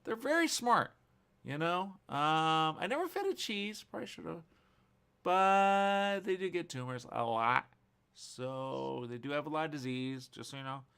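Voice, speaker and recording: A man's voice: on the high side, unhurried, vocal fry, clear, resonant tone. A man hosting a morning talk show, chatting casually and spinning rambling, playful what-if stories. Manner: rambling, animated storytelling with playful what-ifs. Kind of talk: casual chat. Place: studio.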